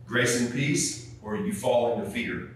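A man preaching a sermon in a folksy, fervent, animated way, often stumbling over fillers. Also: mid-range voice, unhurried. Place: large church sanctuary. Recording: very echoey church from far off.

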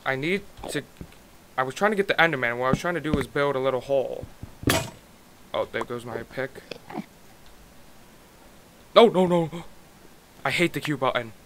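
A man talks through his game in casual let's-play commentary, sounding frustrated and exasperated. His voice sits at an ordinary pitch. Loud noise runs under the recording. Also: a little fast. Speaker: gaming YouTuber.

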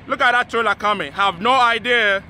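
A man filming a highway crash on his phone outdoors, exclaiming in shock and repeating himself. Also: normal speed. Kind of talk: live phone-video commentary. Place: outdoors beside a busy highway in a storm. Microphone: phone camera. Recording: loud outdoor traffic and rain noise.

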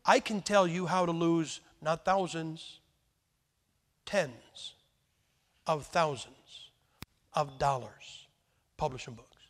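High-voiced American preacher in a reverberant hall. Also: male voice, slow, pauses often. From United States. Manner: lively storytelling, emphatic swings between loud and quiet. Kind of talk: sermon. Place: church hall with a crowd. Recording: long reverb from a large hall.

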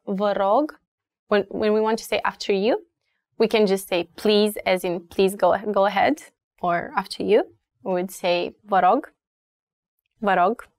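A Romanian woman with a Romanian accent, teaching travel phrases slowly and repeating each one for learners. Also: medium pitch, darkish tone, no echo, clean studio sound. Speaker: language teacher. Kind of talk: language lesson.

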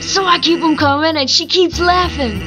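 A woman's voice: extremely high pitch, moderate pace, music in the background. A woman voicing a laid-back, joking male skeleton sentry as she reads game dialogue aloud.

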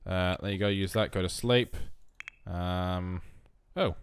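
Speaking slowly in a low voice, a young man gives casual let's-play commentary on a life-sim game. The recording is clean. He's talkative and self-mocking, often speaking directly to his characters.

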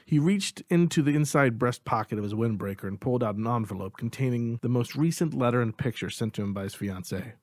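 A man narrates a novel in the first person, keeping a steady, even storytelling pace. His voice sits at a middling pitch. The recording is dry and close, with no room sound. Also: a little fast, few pauses, no room sound. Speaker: audiobook narrator.

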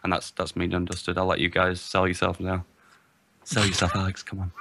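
Gravelly, laughing British man. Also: deep voice, completely flat delivery, fairly quick, pushed and bright, a little hiss or hum. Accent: British English. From Britain. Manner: jokey, laughing. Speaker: podcast co-host. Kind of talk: casual gaming podcast chat.

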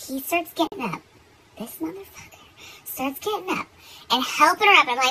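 A young woman telling a story in casual, animated chat, swearing freely and getting worked up. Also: high-pitched, moderate pace, poor audio. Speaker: beauty vlogger.

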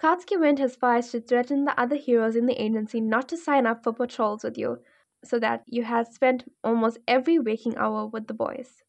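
A woman narrating a second-person fan fiction story in a smooth, even storytelling manner. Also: on the high side.

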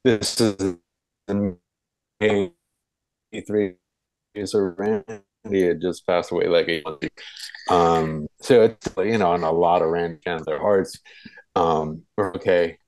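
A man's voice: sits low, fairly even intonation, measured pace, pauses often, a little mellow, low-quality recording. A man talking casually in an interview, recalling an old concert with many fillers and restarts. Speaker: guest.

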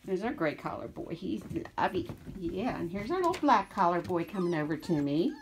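A woman's voice: fairly low pitch, lively intonation, moderate pace, hardly any pauses. A woman dog breeder chatting casually while showing her puppies, slipping into baby talk with them. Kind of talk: casual vlog narration. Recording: background noise.

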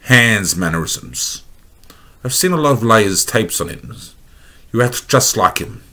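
A man's voice: on the low side, expressive, measured pace, sharp tone, heavily acted. A man with an Australian accent reading the lines of a cool, confident female Jedi master in a storybook reading, in a dry, matter-of-fact way.

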